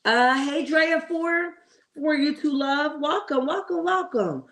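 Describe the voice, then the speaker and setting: On her laid-back reality TV commentary livestream, this host speaks slowly in a high, expressive, somewhat bright voice. She's chatty and full of opinions, saying hello to people in the chat and asking "okay?" to check in.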